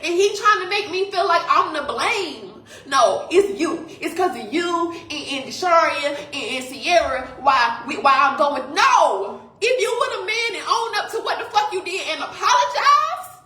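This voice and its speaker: A woman's voice: extremely high pitch, lively intonation, unhurried, few pauses, sharp tone, echoey room. A woman in tears, swearing and speaking straight to her viewers in an emotional confessional rant. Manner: tearful, swearing, addresses audience directly. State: crying. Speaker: vlogger.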